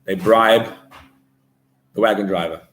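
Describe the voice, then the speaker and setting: A man, a rabbi, preaching a sermon as an animated storyteller who mixes in Hebrew and Yiddish words. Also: fairly low pitch, measured pace, slight background noise. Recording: roomy echo.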